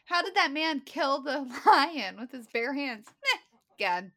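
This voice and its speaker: A woman from West Virginia with a Midwestern accent, co-hosting a Bible study podcast in casual, animated chat over a video call. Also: sits high, slow. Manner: chatty, animated storyteller.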